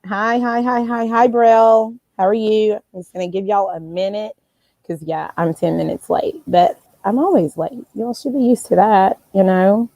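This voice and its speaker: A woman hosts a casual live stream, chatting loosely and calling out viewers' names as they arrive. Her voice is mellow and soft-edged. The sound is dry and close. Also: mid-range voice, normal speed, no echo. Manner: chatty, rambling, greets viewers by name.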